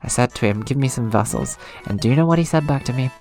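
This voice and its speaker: A man's voice: mid-range voice, animated, quick pace, a little mellow, soft background music, lightly acted. A man reading the lines of a vain, bossy young female cleric who demands servants and praise. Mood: demanding. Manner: self-absorbed, demanding. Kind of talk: reading game dialogue aloud.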